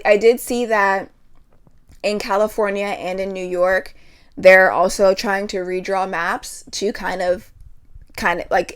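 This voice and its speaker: A young woman from Pennsylvania delivers an impassioned solo podcast rant, her voice at an ordinary middle pitch. She swears freely and stumbles over her words as her anger builds. The talk stays casual and fired-up throughout. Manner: heated, profane, fired-up, restarts mid-sentence. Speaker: podcast host.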